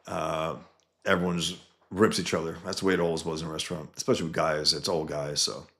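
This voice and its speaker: A man's voice: rumbling low, flat delivery, quick pace, a bit bright. A cartoonist talking casually to viewers about pages of his own comic, rambling with many restarts and asides. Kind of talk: casual talk to viewers while showing pages.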